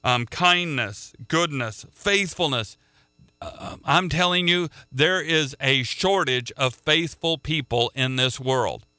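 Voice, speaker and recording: Male preacher, earnest sermon delivery, very bright and crisp voice, dry close sound. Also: on the high side, takes it slowly, dry recording. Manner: earnest, repeats words as he restarts.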